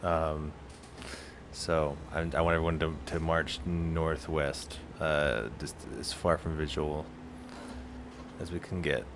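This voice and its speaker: A very deep-voiced man talks slowly and haltingly as he plays a tabletop game, stumbling over restarts. Clear background hiss runs under his voice. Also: level tone. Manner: halting, hesitant speech. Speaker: player. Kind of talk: casual tabletop play.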